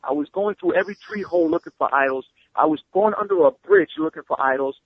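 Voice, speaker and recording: A man with a fairly high voice races through his stories at high speed, excitable and swearing freely. His voice comes down a tinny phone line with a dry, close sound. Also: no echo. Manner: fast, excitable storyteller who swears freely. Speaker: guest. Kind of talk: animated storytelling, casual interview. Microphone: phone call.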